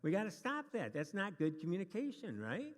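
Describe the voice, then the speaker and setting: A man's voice: high-pitched, wildly swooping pitch, fairly quick. A man teaching a church class to a live group, chatty and joking, with many restarts. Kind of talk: casual lesson to a live group. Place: church meeting room. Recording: long reverb of a hall.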